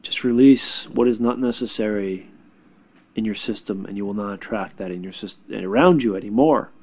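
Speaking in a lowish, warm voice, this man, a spiritual healer, gives relaxed spiritual guidance. His delivery is comforting yet hesitant, full of fillers and repeated words.

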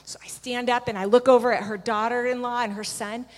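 A woman's voice: a little high, flat delivery, a little fast. A woman sharing a spiritual testimony with a gathering, telling her story earnestly and vividly. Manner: earnest, vivid storytelling that acts out what each person said. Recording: long hall reverb.

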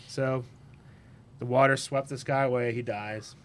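A man's voice: medium pitch, steady tone, unhurried. Mid-voiced man telling a joke on a podcast. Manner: blunt opinions, storytelling with voices. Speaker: podcast co-host. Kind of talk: casual chat.

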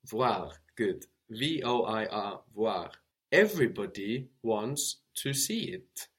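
Low-voiced guy giving a slow patient language lesson, spells stuff out, keeps asking "no?". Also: expressive, a bit bright. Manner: explains slowly, spells out words, checks with "no?". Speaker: language teacher.

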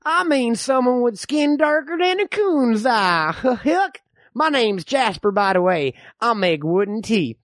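A man voicing a nosy, rambling, bigoted old frontier man who talks in slow, folksy slang. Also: very high voice, sing-song, a bit bright, dry recording, studio quality, full character voice.

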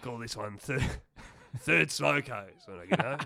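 A man's voice: mid-range voice, lively intonation, a little slow, creaky, pushed and bright, no room sound. A young man co-hosting a podcast, teasing his friend, laughing a lot and firing off questions. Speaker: podcast co-host. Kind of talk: casual chat.

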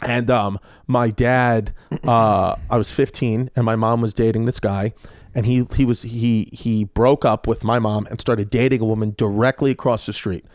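A comedian guest telling stories in casual chat, animated and profane, acting out quotes. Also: male voice, fairly low pitch, moderate pace, no room sound, clean studio sound. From New York. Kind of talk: casual storytelling.

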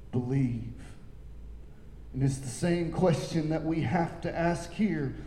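Male pastor, high mellow voice, slow deliberate sermon delivery, booming church reverb. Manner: preaching with big swings, from shouts down to low quiet lines. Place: church sanctuary. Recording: echoey hall with long reverb.

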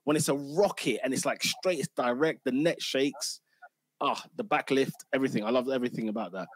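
A man leads a lively football chat, full of slang and quick restarts. His voice sits at an ordinary middle pitch and sounds dry and close. He is talking into a home mic on a video call. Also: no room sound. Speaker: podcast host. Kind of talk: casual football banter.

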